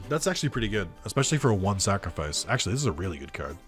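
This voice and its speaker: A man's voice: lowish voice, huge pitch swings, quick pace, soft background music. A man casually commenting on a video game as he plays, rambling, swearing and laughing at his own jokes. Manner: reads game dialogue aloud in put-on voices. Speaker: gameplay commentator. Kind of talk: casual let's-play commentary.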